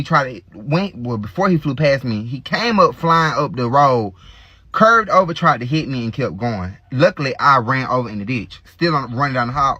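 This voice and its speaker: A man with a bright, forceful voice tells a graphic story from his own life to his viewers, raw and unfiltered. The sound is dry and close, a little dull and muffled, like a slightly lo-fi home video. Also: mid-range voice, no room sound. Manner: raw, graphic, talks straight to viewers as "y'all". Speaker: storytime vlogger. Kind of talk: casual personal storytelling.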